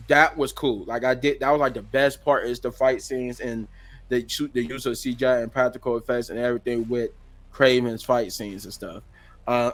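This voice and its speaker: A man's voice: mid-range voice, a bit bright. A man casually reviewing a movie on his channel, rambling with lots of restarts and offhand slang.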